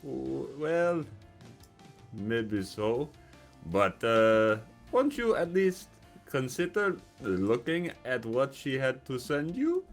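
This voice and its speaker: A man voicing a hesitant, earnest male priest adventurer in a tabletop game who pleads slowly and stumbles over his words. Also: mid-range voice, very animated, soft background music. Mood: pleading. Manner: halting, slow, stumbling pleas.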